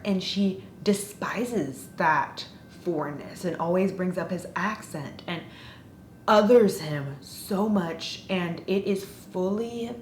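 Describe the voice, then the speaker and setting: A woman casually ranting in a book review, sarcastic and exasperated. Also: fairly low pitch. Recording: roomy echo with faint noise.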